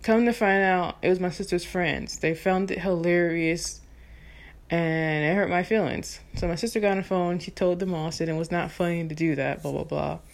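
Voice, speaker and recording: A woman in her thirties from Texas, a soprano singer, telling a personal story in an animated, chatty way with lots of fillers. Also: lowish voice, moderate pace, creaky. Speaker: vlogger. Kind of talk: casual storytelling.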